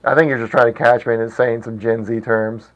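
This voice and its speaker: A man's voice: medium pitch, little pitch movement, a little fast, dull audio. A man in his thirties hosting a casual livestream, chatting with viewers, laughing often and stumbling through foreign words. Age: 30s. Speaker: livestream host.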